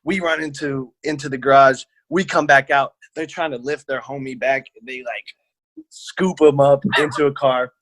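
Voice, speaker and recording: A man's voice: medium pitch, fairly even intonation, moderate pace, a bit bright, no echo. A man casually telling a story on a podcast, rambling and slangy, acting out what people said. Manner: rambling, slangy, acts out quotes. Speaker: podcast co-host.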